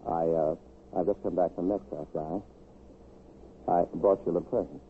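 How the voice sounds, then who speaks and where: A man's voice: low voice, steady tone, moderate pace. An actor playing an unhinged, ingratiating young man and murderer in a 1950s radio drama, sly and wheedling. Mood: eager. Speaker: villain. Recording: tinny, hissy 1950s radio broadcast.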